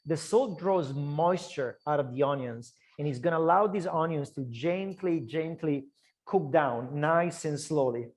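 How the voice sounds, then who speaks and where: Italian-accented man, chef, cooking demo, slightly high voice, chatty, rambling. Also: a little slow, darkish tone. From Italy. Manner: chatty, loose, lots of restarts and fillers. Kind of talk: online cooking class demonstration. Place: kitchen.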